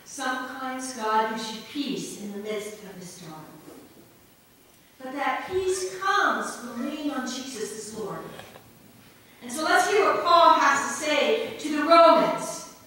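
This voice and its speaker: A woman pastor preaching a sermon earnestly, swinging between emphatic lines and hushed ones. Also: sits high, expressive, takes it slowly, a little hiss or hum. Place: church sanctuary. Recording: echoey church hall from far off.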